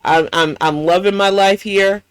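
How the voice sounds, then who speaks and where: A man's voice: sits high, fairly even intonation, measured pace, fairly bright tone, clear, resonant tone, no echo. A man with a New York accent hosting a reaction commentary, blunt, profane and mocking. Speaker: commentary host.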